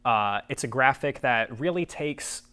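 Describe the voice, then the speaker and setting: A man's voice: medium pitch, animated, unhurried, bright, forceful tone, clear, resonant tone. A young man hosting a mock talk show, speaking hesitantly with stammers and dry politeness. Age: young adult. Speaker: host.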